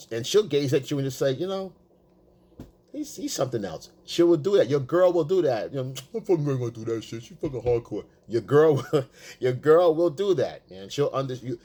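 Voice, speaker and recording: A man giving casual, profane dating advice, emphatic and blunt, acting out quotes in a high voice. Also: mellow. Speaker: dating coach. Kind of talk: casual coaching monologue.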